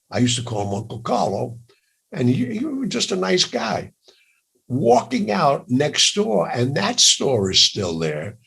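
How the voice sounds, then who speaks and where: An older man with a raspy voice, telling lively jokey stories as an interview guest. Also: mid-range voice. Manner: animated, jokey, laughs through stories. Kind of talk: storytelling in a casual interview.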